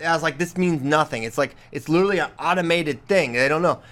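A man's voice: on the high side, quick pace, a bit bright. A man co-hosting a casual wrestling talk show, telling a story with a laugh and acting out the lines he quotes. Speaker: podcast co-host. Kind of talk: casual chat.

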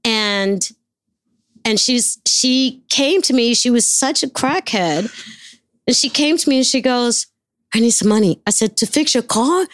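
A woman spins a casual anecdote, swearing freely and acting out every bit of dialogue. Her voice sits a little high, and the sound is dry and close. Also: unhurried, dry recording. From New York. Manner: animated, profane storyteller acting out dialogue. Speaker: guest.

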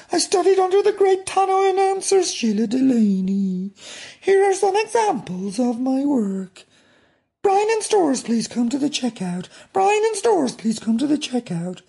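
A man voicing a prim woman supermarket tannoy announcer in a high, sing-song announcing voice. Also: creaky, dark tone, heavily acted.

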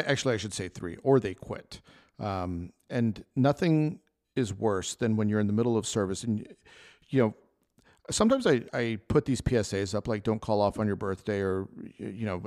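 A man's voice: medium pitch, a little mellow. A man hosting a solo podcast, telling restaurant kitchen stories in a loose, rambling way with many restarts. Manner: rambling storytelling with frequent restarts and laughs. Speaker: podcast host, chef. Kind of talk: casual solo podcast monologue.

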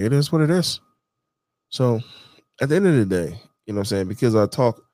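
A man's voice: on the low side, no room sound. Guy vlogging, slangy casual talk, keeps saying you know what im saying, dry close sound. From Detroit, USA. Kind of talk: casual monologue to camera.

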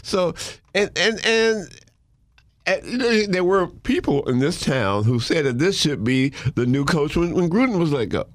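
A man's voice: fairly high pitch, a little slow, no room sound, clean studio sound. A man co-hosting a casual sports chat, rambling through analogies and repeating himself as he builds a point. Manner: rambling, animated, uses analogies. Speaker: co-host.

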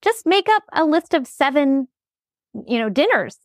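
A woman's voice: high-pitched, big pitch swings, a little slow, no echo, studio quality. A middle-aged woman co-hosting a casual chat, talking in a practical way and summing up the points.

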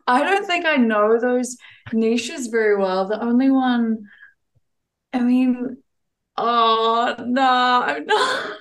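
A woman's voice: on the high side, lively intonation, slow, fairly bright tone. A young woman with a New Zealand accent, chatting as a guest in a casual podcast interview, with plenty of fillers and restarts. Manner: chatty, self-deprecating, lots of fillers and restarts.

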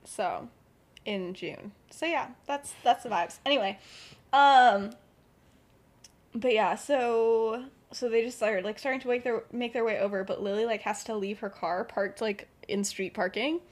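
A woman's voice: fairly high pitch, measured pace. A young woman hosting a podcast, rambling through a story in casual chat, giggling and saying "like" a lot. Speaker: podcast host.

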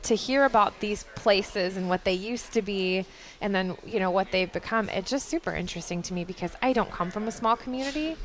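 Chatty upbeat woman co-host. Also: medium pitch. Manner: upbeat, chatty, quick to laugh along. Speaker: podcast co-host. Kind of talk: casual interview chat.

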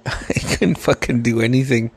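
Brief: male podcast host, gravelly voice, mid-pitched, loose and profane storytelling. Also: steady tone, slow. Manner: profane, rambling, laughing often. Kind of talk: casual storytelling.

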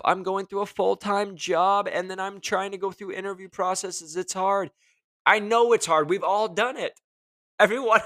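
An energetic man hosts a casual motivational talk, talking in a fairly high voice and joking as he acts out what other people might say. The sound is dry and close, with almost no room. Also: no room sound. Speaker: host.

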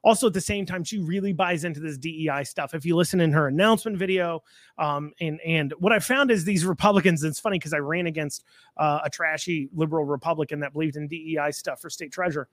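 A man's voice: on the high side, fast, dry recording. A man giving blunt, sarcastic political commentary, with frequent fillers and restarts.

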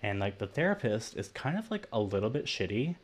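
Brisk and very animated, this young man's lowish voice drives a casual podcast recap of a horror movie plot. The co-host fills his account with "like" and acts out the characters' lines.

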